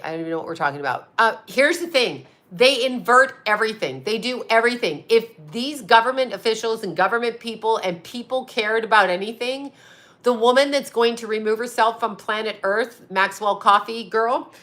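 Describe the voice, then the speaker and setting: A woman's voice: on the high side, fairly bright tone. A middle-aged woman hosting a casual livestream, rambling, swearing and reading viewer comments aloud. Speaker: psychic channel host.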